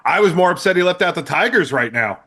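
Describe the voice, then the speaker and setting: A man's voice: sits high, lively intonation, fast talker, pushed and bright. A man co-hosting a sports podcast, chiming in with joking asides. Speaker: podcast co-host. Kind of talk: casual sports podcast chat.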